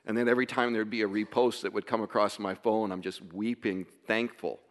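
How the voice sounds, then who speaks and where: A man telling a family story in a casual way, emotional and halting, with many restarts. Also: fairly low pitch, steady tone, big-room sound.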